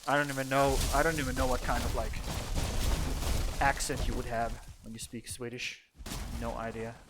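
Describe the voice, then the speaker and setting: A man's voice: mid-range voice, flat delivery, normal speed, background noise. A man chatting casually while streaming a game, rambling and swearing bluntly. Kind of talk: casual gameplay chat.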